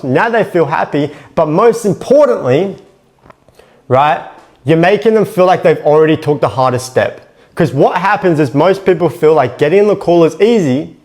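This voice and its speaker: A man's voice: fairly high pitch, a little mellow. A man coaching sales in a blunt, profane, emphatic monologue.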